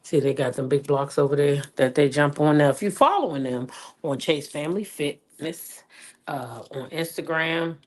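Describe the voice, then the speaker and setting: Streaming live from her backyard on a phone mounted to a selfie stick, a woman chats casually and greets viewers by name. Her voice sits low at a moderate pace, sounding a little stuffy from a cold, and the audio is poor.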